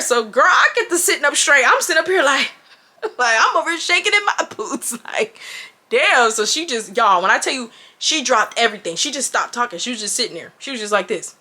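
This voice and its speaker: A high-voiced woman in her twenties tells a story straight to camera, bright and forceful in tone. Her delivery is animated and full of slang, with an expressive, chatty feel. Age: 20s. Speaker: vlogger. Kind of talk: casual storytime.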